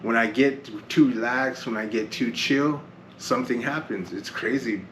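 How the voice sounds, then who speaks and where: A man's voice: medium pitch, a little slow. A man speaking earnestly in a personal vlog about his recovery, rambling and repeating phrases as he tells his story. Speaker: recovery vlogger. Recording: roomy echo, faint background noise.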